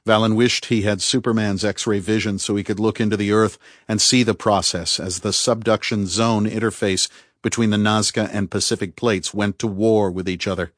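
Low-voiced man reading a dark novel. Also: fairly even intonation, normal speed, no room sound, studio quality. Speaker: audiobook narrator. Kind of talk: scripted narration.

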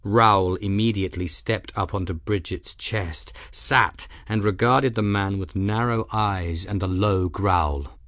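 A man reading a novel aloud as an audiobook narrator, in an even, measured storytelling manner. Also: deep voice, no echo, studio quality. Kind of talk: scripted narration.

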